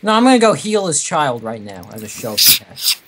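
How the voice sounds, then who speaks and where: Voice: medium pitch, very animated, a little fast, a bit bright, low-quality recording. A co-player bantering and teasing during a casual game session. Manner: teasing, laughs a lot.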